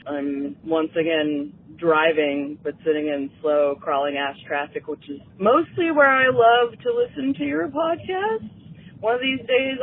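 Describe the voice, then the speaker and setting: A woman leaving a casual voice message for a podcast while driving in traffic. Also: fairly low pitch. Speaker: listener sending a voice message. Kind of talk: recorded voice message. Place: car in traffic. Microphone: phone. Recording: husky tinny phone message.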